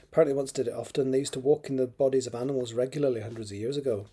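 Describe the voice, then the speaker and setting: A man's voice: medium pitch, steady tone, rapid-fire, warm tone, breathy edge, lightly acted. A man doing an earnest young Scotsman. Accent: Scottish (put on). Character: young Scottish man, plain-spoken and earnest.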